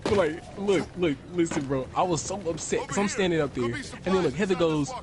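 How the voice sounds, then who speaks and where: A man live-streaming while gaming, telling stories in a casual, animated way, swearing freely and acting out other people's voices. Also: on the high side, a little fast, heavy background noise. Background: music.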